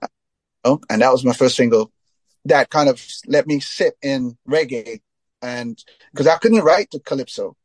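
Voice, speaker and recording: Male singer from Trinidad, mid-pitched, casual rambling storyteller, dry close recording. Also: moderate pace, darkish tone, no room sound. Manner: rambling, frequent "you know" fillers, laughs while telling stories. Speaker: interview guest, reggae singer.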